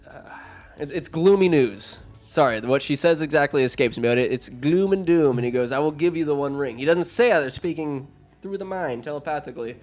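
A man's voice: mid-range voice, darkish tone. Rambling, profane man retelling a film. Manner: profane, rambling, sarcastic asides. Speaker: comedic film recapper. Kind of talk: casual comedic story recap.

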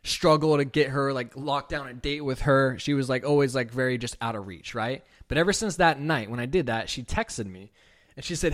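A man's voice: medium pitch, a little fast. A young man hosting a podcast, telling a raw, unscripted personal story in casual, profane speech, full of "like" and quoted back-and-forth dialogue. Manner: casual, profane, heavy use of "like"; animated retelling with quoted dialogue. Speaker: podcast host.

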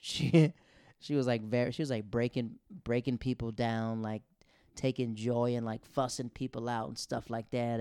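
Gravelly-voiced chatty comedian. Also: male voice, mid-range voice, warm tone, no echo, studio quality. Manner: chatty, full of "like" fillers. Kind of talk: casual comedic storytelling.

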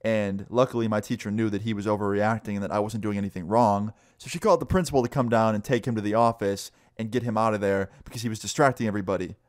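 A man's voice: lowish voice, fairly even intonation, fast, hardly any pauses, dry recording, studio quality. A young man casually telling a story, rambling with lots of "like" and swearing freely. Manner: loose, profane, full of "like".

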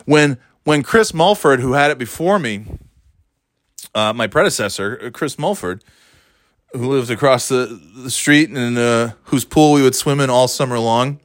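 A man's voice: mid-range voice, fairly bright tone, dry recording, clean studio sound. A man telling a casual, rambling story about his past, often interrupting himself and laughing.

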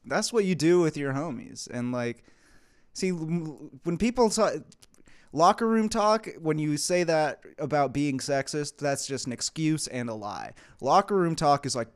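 A man's voice: on the high side, animated, measured pace, clear, resonant tone. A young man co-hosting a podcast, talking casually in a crude, offhand way with hesitant fillers. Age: young adult. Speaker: podcast co-host. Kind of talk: casual chat.

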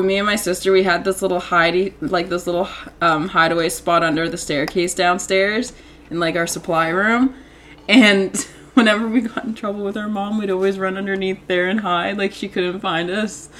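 A woman's voice: medium pitch, fairly even intonation, moderate pace, a little hiss or hum. A young woman telling childhood stories in casual chat, rambling and giggling, with lots of "like".

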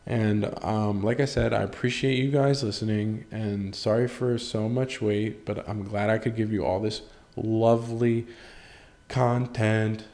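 A man's voice: lowish voice, steady tone, normal speed, few pauses, a little mellow. A young man hosting a solo podcast, rambling through an awkward story with casual swearing and self-deprecating asides. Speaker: podcast host.

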